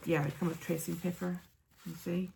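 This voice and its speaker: Female craft-podcast host, casual and chatty, heavy vocal fry, faint background noise. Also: lowish voice, little pitch movement, fairly quick. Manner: chatty, with many ums and soft asides. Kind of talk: casual chat showing yarn and patterns.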